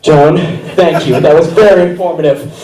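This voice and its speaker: A man acting out a manic, swearing schoolteacher on meth who shouts and rants in a frantic rush. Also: fairly high pitch, normal speed, far from the mic, heavy background noise, natural voice. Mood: manic ranting. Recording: roomy theater sound from afar.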